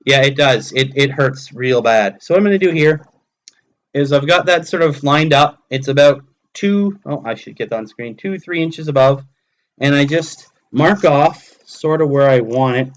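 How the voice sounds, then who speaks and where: A man's voice: mid-range voice, moderate pace. A man in his thirties casually streaming live from his hobby table at home, talking himself through each step as he builds. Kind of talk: casual live-stream commentary while crafting.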